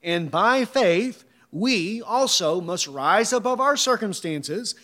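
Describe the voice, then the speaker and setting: A man's voice: high-pitched, lively intonation, slow pace, few pauses, a bit bright. A man preaching a sermon, reading scripture and asking emphatic rhetorical questions.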